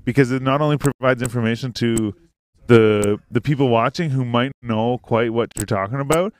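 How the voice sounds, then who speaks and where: A man's voice: medium pitch, normal speed, clean tone. A man hosting a podcast in casual chat, rambling, swearing often and laughing easily. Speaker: podcast host. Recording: faint hiss.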